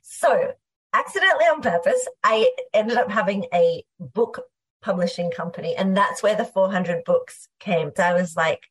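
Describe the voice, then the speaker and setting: A middle-aged Australian woman, a guest entrepreneur, tells her story in a lively, fast conversational way, full of "like" and asides. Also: medium pitch, slightly rough. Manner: animated, fast, filler-heavy, uses "like" often.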